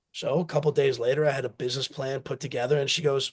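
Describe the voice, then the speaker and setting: A man's voice: mid-range voice, fairly even intonation, a little fast, hardly any pauses. A man, a company founder from the United States, telling rambling stories with acted-out quotes in a casual interview. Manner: rambling, anecdotal, acts out family quotes.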